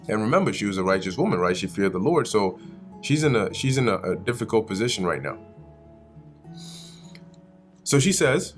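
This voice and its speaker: A man's voice: lowish voice, normal speed, pauses often, faint music behind. A man giving a casual, slangy Bible study commentary, often acting out the characters. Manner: animated, slangy, acts out characters. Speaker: Bible teacher.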